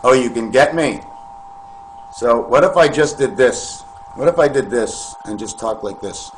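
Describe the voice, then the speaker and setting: A man's voice: mid-range voice, a little slow, a little hiss or hum, poor audio. A man delivering a rambling spiritual monologue to camera, preachy and full of rhetorical questions, calling his listeners friends. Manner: wandering, addresses listeners as friends. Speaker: vlogger.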